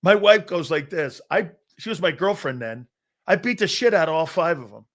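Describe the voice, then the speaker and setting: Male sports talk host in his fifties, brash and boastful, fairly high-pitched, restarts often and acts out quotes. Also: expressive, moderate pace, fairly bright tone. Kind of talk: casual sports talk storytelling.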